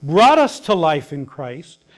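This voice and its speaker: A male pastor preaching a sermon, swinging between emphatic loud lines and hushed soft ones. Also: on the high side, very animated, slow pace.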